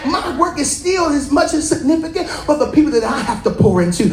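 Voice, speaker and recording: A preacher with a high voice delivers an animated, conversational sermon. The preacher keeps repeating key phrases and speaking straight to the congregation. The sound rings around a roomy, echoing church. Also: fairly quick, a crowd in the background. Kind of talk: lively sermon teaching.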